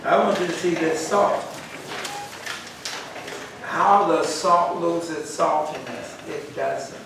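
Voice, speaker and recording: A man's voice: on the high side, slow pace. A man leading a church Bible study, quizzing the group and repeating key words for emphasis. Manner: call-and-response questioning, repetitive emphasis. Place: church room. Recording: echoey room, far from mic, faint noise.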